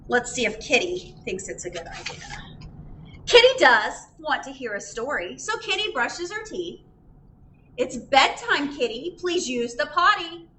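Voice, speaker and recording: A woman's voice: sits high, very animated, a little slow, a bit bright, slight background noise. A woman reading a picture book aloud at a library storytime, sing-song and full of questions for the children. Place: library room. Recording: roomy echo.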